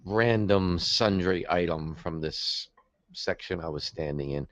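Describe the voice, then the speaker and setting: A man's voice: deep voice, measured pace, fairly bright tone, dry recording. A man playing his character in a tabletop role-playing game, in a casual, matter-of-fact way. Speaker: player. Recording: dull, dry lo-fi mic.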